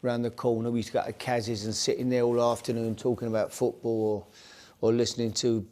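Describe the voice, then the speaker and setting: A man's voice: mid-range voice, flat delivery, fairly quick, darkish tone. An older man, chattily recalling his football days in an interview. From East End of London. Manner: chatty, leans on "you know". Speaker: former footballer. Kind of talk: reminiscing interview.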